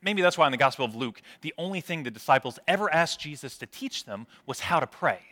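A man's voice: fairly high pitch, animated, quick pace, bright, forceful tone. A man preaching a sermon, telling stories with self-deprecating humor before turning to prayer. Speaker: pastor.

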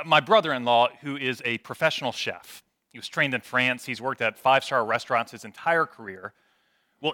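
A man's voice: mid-range voice, pushed and bright. A man preaching a sermon, telling stories with self-deprecating humor before turning to prayer. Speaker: pastor.

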